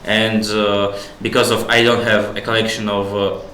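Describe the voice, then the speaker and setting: A man with a Russian accent hosts a casual stream, asking questions with lots of fillers. His voice is slightly low but bright and forceful. The room around him is echoey. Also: level tone, normal speed, slight background noise. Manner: hesitant, filler-heavy, asks questions. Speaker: stream host. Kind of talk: casual dev stream chat.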